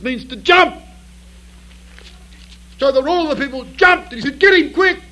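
A man's voice: high-pitched, fairly bright tone, rough recording. A man preaching a sermon to a congregation. He tells the story vividly, asks rhetorical questions and builds to emphatic bursts.

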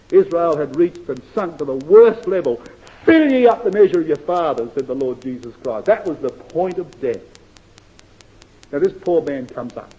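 With a high, mellow voice, a man preaches earnestly and emphatically, slowing way down to stress every verse he quotes. His volume varies widely, sometimes dropping almost to a hush, and the audio quality is poor.

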